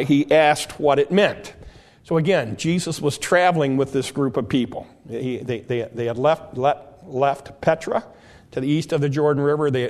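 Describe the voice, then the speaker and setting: A man's voice: mid-range voice, darkish tone. A male preacher giving a sermon who explains scripture verse by verse, often stumbling over and repeating his words as he goes.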